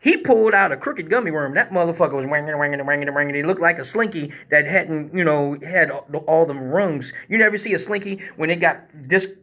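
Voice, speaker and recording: High, bright-voiced man telling a comic story. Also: moderate pace, hardly any pauses. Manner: animated, profane, acts out scenes with sound effects. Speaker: male exotic dancer, live-stream host. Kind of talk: comic storytelling, casual chat.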